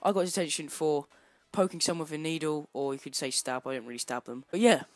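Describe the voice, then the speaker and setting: A man's voice: on the high side, fast, no echo. A man telling a casual, self-deprecating story while commentating over gameplay, with lots of fillers. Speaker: gaming channel commentator.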